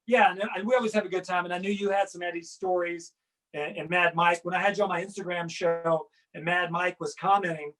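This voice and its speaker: A man hosting a casual podcast chat, relaxed and easygoing, laughing often and repeating himself. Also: high-pitched, a little fast, low-quality recording. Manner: laid-back, laughs often, repeats words. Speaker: podcast host.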